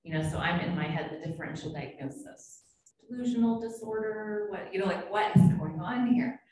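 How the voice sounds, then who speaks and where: A woman's voice: medium pitch, a little fast, darkish tone. A woman psychiatrist giving a conference keynote, telling stories in a conversational way and acting out quoted voices. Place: conference hall. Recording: echoey hall, speaker far from mic, faint hum.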